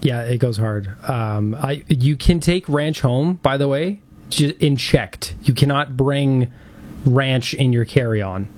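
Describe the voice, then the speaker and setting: A man co-hosting a talk show, trading wry quick banter in casual chat. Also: mid-range voice, a little mellow. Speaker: radio co-host.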